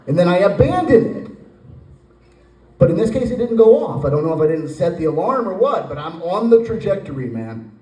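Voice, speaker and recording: A man in his forties doing a stand-up comedy set, telling a rambling story with animated acted voices. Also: high voice, fairly quick. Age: 40s. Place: brewery stage with live audience. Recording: roomy echo, from a distance.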